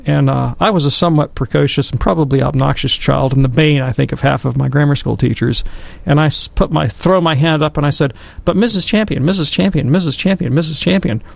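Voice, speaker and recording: A man's voice: mid-range voice, brisk, creaky, few pauses, no room sound. A middle-aged man, a Catholic commentator, telling a childhood story with acted-out quotes and then discussing scripture in a casual talk. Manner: animated storyteller who acts out quotes.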